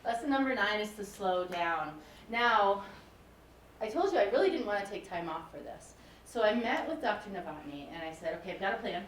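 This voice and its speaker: A woman's voice: medium pitch, expressive, normal speed, a little hiss or hum. A woman in her forties, a music professor, giving a candid, personal public lecture. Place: lecture hall. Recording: roomy hall, mic from a distance.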